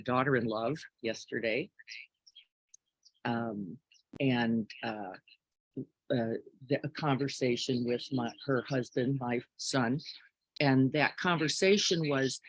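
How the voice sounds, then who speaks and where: A middle-aged woman speaks as a spiritual teacher, gentle and unhurried, her voice husky and somewhat breathy. She takes her time and leaves room between her thoughts. The sound is dry and close, with little room echo. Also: a bass voice. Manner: gentle, unhurried, asks many tag questions.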